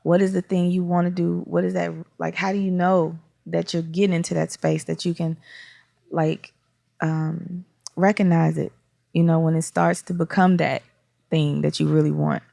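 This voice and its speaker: A woman's voice: on the low side, level tone, normal speed, gravelly, dark tone, no echo, studio quality. A woman speaking as a podcast guest in casual, reflective conversation, often searching for words.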